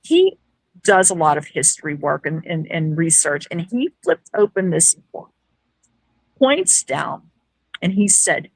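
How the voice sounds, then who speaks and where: A woman's voice: on the low side, measured pace, no echo, low-quality recording. A woman guest who is a paranormal investigator, telling a story casually and acting out quoted dialogue. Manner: lively, acts out quoted dialogue.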